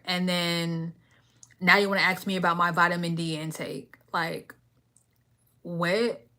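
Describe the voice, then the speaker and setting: A woman's voice: mid-range voice, sharp tone. A young woman hosting a live stream, sassy and confrontational as she rants back at a commenter, murmuring chat messages under her breath between bursts. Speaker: livestream host.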